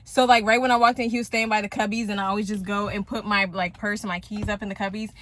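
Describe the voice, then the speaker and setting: A woman's voice: mid-range voice, little pitch movement, fast talker, fairly bright tone, a little hiss or hum. A woman in her thirties chatting to her viewers from a parked car, rambling through a story and often addressing them directly. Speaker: vlogger, single mom. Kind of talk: casual chat to viewers.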